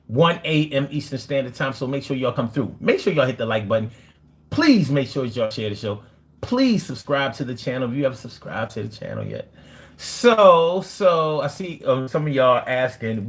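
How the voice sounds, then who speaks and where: A man's voice: mid-range voice, a bit bright. A man hosting a nightly online show, talking casually and slipping into playful, slangy half-rapped rhymes. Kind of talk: casual live-stream talk with freestyle rhymes.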